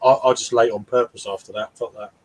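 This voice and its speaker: A man's voice: medium pitch, fairly even intonation, fast talker, a little mellow. A man chatting as a guest on a stream, making offhand, blunt remarks and swearing. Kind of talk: casual chat.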